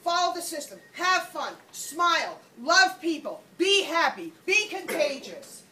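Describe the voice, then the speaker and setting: A woman network marketing trainer giving a lively motivational talk on stage, acting out little scenes and laughing as she goes. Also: very high-pitched, unhurried. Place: event room on a cruise ship. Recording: roomy, from far off, light background noise.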